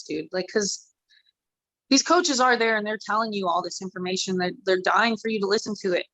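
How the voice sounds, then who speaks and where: A woman mixed martial artist chats casually as an interview guest, rambling and candid, letting the odd swear word slip. Her pitch sits in an ordinary middle range. The recording is dry and close, with no room echo. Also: a little fast, fairly bright tone. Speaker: MMA fighter guest.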